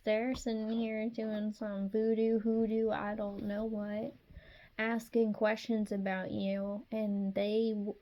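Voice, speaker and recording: A woman's voice: on the high side, dark tone, rough recording. A woman giving a casual tarot reading straight to the viewer, chatty and sassy. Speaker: tarot reader.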